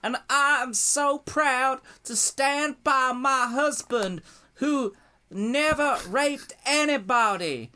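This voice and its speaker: A man voicing a mock female politician with a put-on Southern American accent, slow and folksy. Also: very high voice, pushed and bright, smooth, pitched above the performer's own voice, exaggerated voice. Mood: sugary.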